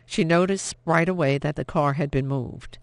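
A man narrates an audiobook in a steady, measured way. His somewhat high voice has a gravelly texture. The recording is dry and close to the mic. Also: dry recording. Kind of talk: scripted narration.

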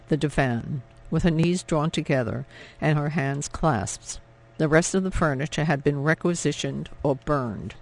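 A male audiobook narrator with a gravelly, creaky texture and a voice pitched a little above the usual male range. He reads the novel in a steady, measured, dramatic way, shaping each sentence with care. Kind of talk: scripted narration.

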